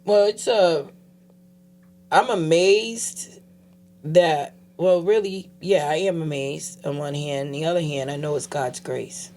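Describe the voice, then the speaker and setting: A woman guest telling her personal story in a casual interview, animatedly acting out other people's voices and dropping quiet when she turns serious. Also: sits low, slow, slight background noise. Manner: animated, acts out quoted voices. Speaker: guest, advocate.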